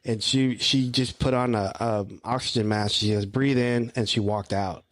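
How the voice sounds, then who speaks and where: Guy on a podcast trying to remember what happened, halting, dry close sound. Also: on the low side, fairly even intonation, a bit bright, dry recording. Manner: halting, piecing together hazy memories. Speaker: podcast co-host and guest. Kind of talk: casual conversation.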